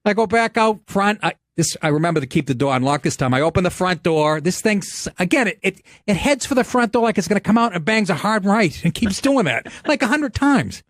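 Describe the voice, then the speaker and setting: A man hosting a podcast, telling a comic story in a profane, animated way and laughing as he goes. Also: sits high, a little fast, few pauses, no echo, studio quality. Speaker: podcast host.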